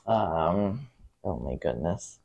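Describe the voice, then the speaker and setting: A woman's voice: a bass voice, animated, takes it slowly, vocal fry, dark tone, slightly rough. A woman co-hosting a casual podcast from a rented holiday home, easygoing, with short agreeing replies. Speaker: podcast co-host. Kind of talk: casual chat. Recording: dull lo-fi sound.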